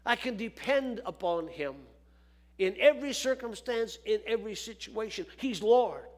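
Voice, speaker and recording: High-voiced man preaching a sermon. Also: animated, moderate pace. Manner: folksy, repeats phrases for emphasis.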